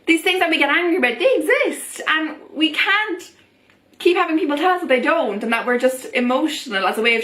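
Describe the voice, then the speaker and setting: A young adult woman vlogger talking casually to camera in an animated, excitable rant, her voice jumping up often. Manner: animated, excitable, frequent pitch jumps and laughs. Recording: echoey room.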